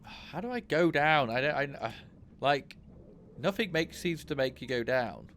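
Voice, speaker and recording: On his gaming channel, a man with a fairly high, fairly bright, animated voice narrates his gameplay at a measured pace. He thinks aloud, keeps it casual, and swears when things go wrong, with slight background noise behind him.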